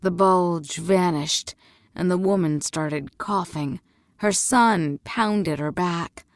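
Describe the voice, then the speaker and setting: A woman reading a fantasy novel aloud as narrator, slow and even. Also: lowish voice, vocal fry, dry recording, clean studio sound. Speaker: audiobook reader. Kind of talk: storybook narration.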